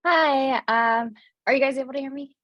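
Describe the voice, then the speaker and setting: A woman's voice: sits high, normal speed, no room sound, muffled recording. A public health student woman, eager and upbeat, introducing herself on a video call.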